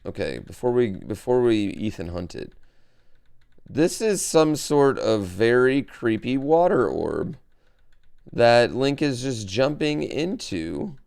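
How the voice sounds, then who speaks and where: A man's voice: medium pitch, very animated, slow pace, gravelly, a little mellow. A man streaming live, chatting casually and animatedly to his chat, swearing and going off on tangents.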